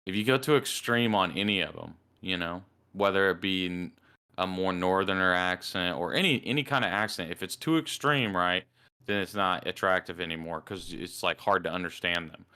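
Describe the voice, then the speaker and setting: Bright, clear-voiced Southern man. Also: sits low. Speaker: podcast co-host. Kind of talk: casual chat.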